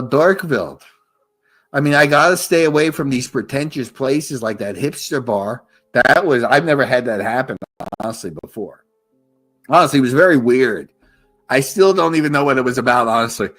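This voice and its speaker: A man's voice: fairly high pitch, a bit bright. A man hosting a live stream in casual chat, rambling crudely and repeating himself.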